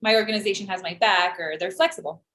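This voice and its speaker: A woman's voice: medium pitch, fast talker. A woman in her thirties co-hosting a casual podcast, telling stories with sarcasm and acting out the voices of other people. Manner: animated storytelling, acts out quoted voices, sarcastic. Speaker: podcast co-host. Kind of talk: casual chat. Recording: echoey room.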